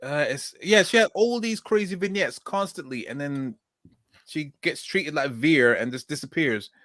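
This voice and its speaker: A man's voice: a little high, animated, moderate pace, fairly bright tone, no room sound, clean studio sound. A man hosting a casual podcast chat and reading comments aloud, rambling and hesitant, restarting his sentences often. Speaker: podcast host.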